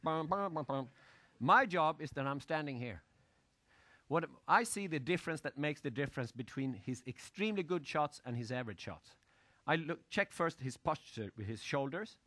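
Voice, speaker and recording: A man lecturing an audience with lively storytelling, asking questions and using loose, broken grammar. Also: on the high side, normal speed, dry recording. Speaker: motivational speaker.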